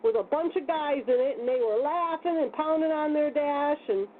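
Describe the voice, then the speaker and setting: A woman's voice: high voice, normal speed. Brash storytelling woman on a phone line. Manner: animated storyteller, laughs often, rough plainspoken talk. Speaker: radio show host. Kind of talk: casual storytelling chat. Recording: tinny phone line with faint noise.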